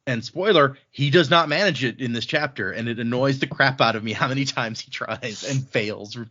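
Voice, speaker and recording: A man casually recapping a book chapter on a podcast, rambling and animated as he retells the action. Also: mid-range voice, moderate pace. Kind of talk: casual chat. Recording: slightly dull lo-fi sound.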